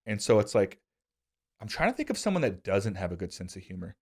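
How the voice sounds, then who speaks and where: A man in his thirties with a fairly low voice, chatting casually on a podcast. He tells stories animatedly, pitching way up when he acts out what he said as a kid. His tone stays loose and self-deprecating, full of fillers. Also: a little fast, slightly rough. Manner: animated storyteller, jumps to high excited pitch when quoting himself. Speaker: podcast host. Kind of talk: casual conversational storytelling.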